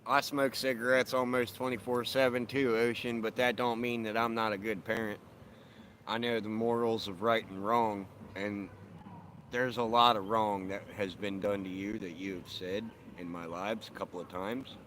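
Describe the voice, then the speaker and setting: A man's voice: on the low side, level tone, normal speed, fairly bright tone, a little hiss or hum. A man live-streaming from his phone while sitting outside at the end of his sidewalk, talking bluntly and with a lot of swearing. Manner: blunt, profane, laughs often. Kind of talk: casual live-stream chat. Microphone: phone camera.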